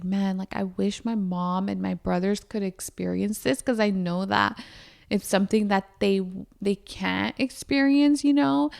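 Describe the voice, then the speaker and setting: A young woman hosts a podcast in a mid-range, gravelly, darkish voice. Her casual chat is full of fillers, and she speaks straight to her listeners.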